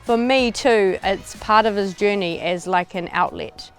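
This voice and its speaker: A woman's voice: mid-range voice, measured pace, smooth, faint music behind. A woman speaking in an interview, matter-of-fact and fond of her husband. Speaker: interviewee, wife.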